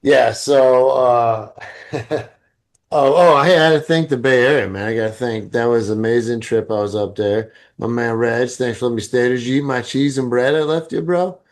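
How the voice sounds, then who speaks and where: A man's voice: mid-range voice, fairly even intonation, normal speed. A man on a casual podcast telling funny personal stories. He talks loosely and swears freely. He laughs through his anecdotes. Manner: profane, joking anecdotes. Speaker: podcast co-host.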